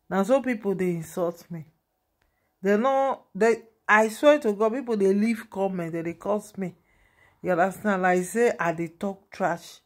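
A woman vlogger speaking Nigerian Pidgin English, chatting in a lively, gossipy way and laughing at the story. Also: medium pitch. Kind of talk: casual gossip vlog.

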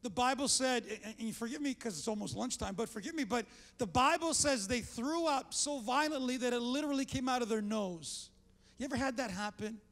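An older male pastor with a strikingly high voice delivers a fervent sermon. He stumbles and restarts mid-sentence and keeps calling out to the congregation. His voice rings with the long reverb of a big church hall. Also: a bit bright. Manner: fervent preaching with congregation call-outs and frequent restarts. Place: church sanctuary.

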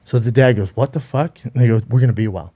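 A man co-hosting a podcast retells a story in loose, casual chat. His tone is warm and mellow. He swears freely and keeps restarting his sentences as he rambles along. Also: fairly low pitch, rapid-fire. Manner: rambling, profane, with frequent restarts. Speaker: podcast co-host.

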